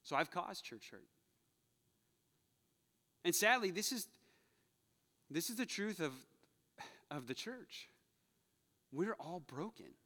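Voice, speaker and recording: A man's voice: sits high, big pitch swings, takes it slowly, long pauses, bright, forceful tone. A man preaching a sermon as pastor, earnest and confessional, repeating phrases for emphasis, then leading the church in prayer. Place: church sanctuary. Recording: long hall reverb.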